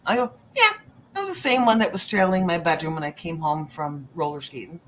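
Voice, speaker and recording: Woman guest telling a story, lowish voice, does all the voices, bit of hiss behind. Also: fast talker. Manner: animated storyteller acting out quotes. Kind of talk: storytelling on a paranormal podcast.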